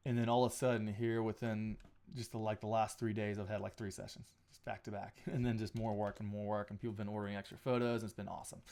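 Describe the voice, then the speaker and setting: A man's voice: on the low side, a little mellow. A man talking casually on a live stream while he edits photos, thinking aloud with frequent restarts and small asides. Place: home photo studio.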